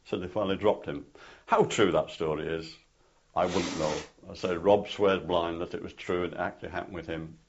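A man's voice: deep voice, fairly even intonation, brisk, husky. An older man telling rambling anecdotes with many fillers in an oral history interview. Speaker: interviewee, former parachute instructor. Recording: dull lo-fi tape recording.

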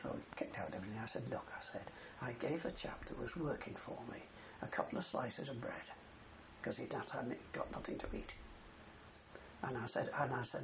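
With a crowd in the background, an older man recalls wartime at length in an interview, brisk and gravelly with lively intonation at medium pitch. He rambles, tagging on "you see," and the dull recording carries faint hiss.

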